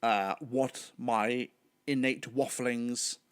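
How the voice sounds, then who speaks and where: A man's voice: medium pitch, fairly even intonation, drawn-out words, smooth, no room sound. A young British man hosting his own podcast, rambling in a chatty way with sudden theatrical outbursts. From Britain. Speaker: podcast host. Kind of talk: solo podcast chat.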